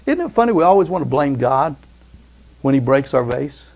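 Gravelly preacher man, fervent sermon. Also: a little high, expressive, a little fast. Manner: preaching storyteller, often calling out amen; swings between loud fervor and hushed softness. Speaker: pastor.

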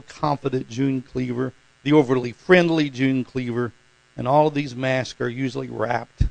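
A man's voice: medium pitch, vocal fry, dry recording, low-quality recording. A man preaching a conversational sermon as pastor, talking informally and putting questions to his congregation.

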